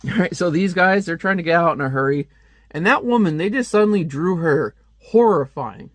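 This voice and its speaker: A man's voice: fairly high pitch, animated, moderate pace, no room sound. A man giving casual, joking commentary while reviewing a comic book page by page. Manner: chatty, joking asides.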